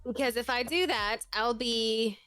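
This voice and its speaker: A woman's voice: fairly high pitch, measured pace, fairly bright tone, clear, resonant tone, faint music behind. A young woman from Texas with a slight Texan accent, chatting casually and at length as a podcast guest, rambling and self-deprecating. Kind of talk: casual chat.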